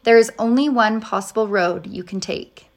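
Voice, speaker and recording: A woman voicing a wise, patient older male professor who speaks slowly and distinctly in a storybook reading. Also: a little high, animated, a bit bright. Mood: earnest. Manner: slow, distinct and earnest.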